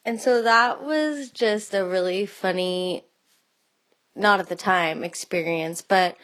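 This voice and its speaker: A woman's voice: mid-range voice, low-quality recording. A woman telling a personal story about a friend in a rambling, hesitant way, with many restarts. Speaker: friend sharing memories.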